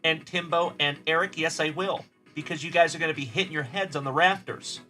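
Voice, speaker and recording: A man's voice: fairly high pitch, brisk, music in the background. A man hosting a card-breaking livestream, chatting in a friendly, upbeat way with viewers and calling them buddy and brother. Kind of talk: live stream chat, reading viewer comments.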